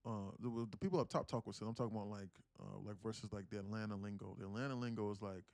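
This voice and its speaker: A man's voice: lowish voice, fairly even intonation, fast talker, vocal fry, few pauses, darkish tone, no echo. Sarcastic rambling young man, dry sound. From South Carolina, USA. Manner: sarcastic, rambling, many restarts. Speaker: day trader and live streamer. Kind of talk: casual live-stream chat.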